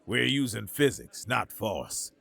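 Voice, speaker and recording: A quiet, commanding human tactician, as a male narrator plays him in a sci-fi audio story. The voice sits fairly low and delivers firm orders in a measured, even manner. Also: creaky, husky, heavily acted.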